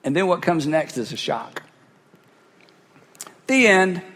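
A male pastor delivers an emphatic sermon, hammering his points home by repeating phrases. His voice sits notably high for a man. The sound carries a long reverb from a big church hall. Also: very animated, takes it slowly, a bit bright. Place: church sanctuary. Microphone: cheek microphone.

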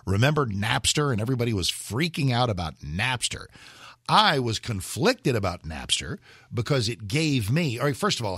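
A man hosting a radio talk show, rambling casually and jumping his voice up high for emphasis. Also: fairly bright tone, slightly rough, no room sound, clean studio sound.

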